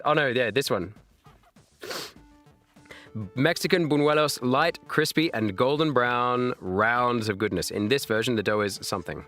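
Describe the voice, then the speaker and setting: A man's voice: mid-range voice, a little slow, pauses often, no echo, soft background music. A man in his thirties chatting casually on a live stream, laughing and exclaiming at chat while fighting hiccups. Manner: animated, laughing, reacting to chat with loud exclamations.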